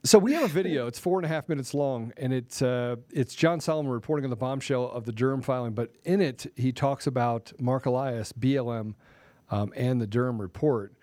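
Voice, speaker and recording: A man's voice: mid-range voice, a little fast, mellow, dry recording. A man hosting a casual political talk show, telling stories and acting out both sides of conversations. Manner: storytelling, acts out dialogue. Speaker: show host.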